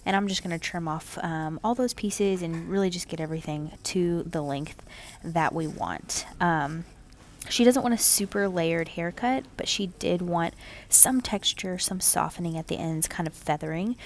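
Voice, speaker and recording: Chatty woman with a gravelly low voice. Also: normal speed, a little hiss or hum. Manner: relaxed, chatty, many "um"s and "kinda". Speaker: home haircut vlogger. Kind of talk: casual voice-over narration.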